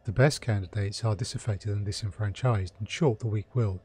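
A man playing a painted elf showman, theatrical and wry, low mellow voice. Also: fairly quick, breathy edge, soft background music. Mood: lecturing. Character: flamboyant painted male elf, mocking and theatrical.

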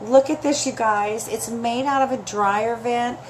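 A woman with a slightly high voice speaks a little slowly while hosting a chatty live sale stream. Gushing and emotional, she addresses her viewers directly, her throat sounding scratchy and dry.

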